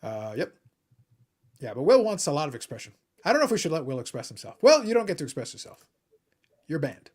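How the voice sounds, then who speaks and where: A man with a fairly high voice talks quickly in a casual live stream chat. He is blunt and opinionated. He keeps repeating his first words before he settles into a point. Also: sing-song, darkish tone, slightly rough. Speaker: host of a hobby live stream.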